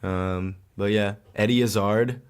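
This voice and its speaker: A man's voice: lowish voice, a little slow, clean tone. A young man co-hosting a podcast, chatting casually with lots of "um" and "like". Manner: relaxed, filler-heavy chatter with laughs. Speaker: podcast co-host. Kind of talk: casual chat.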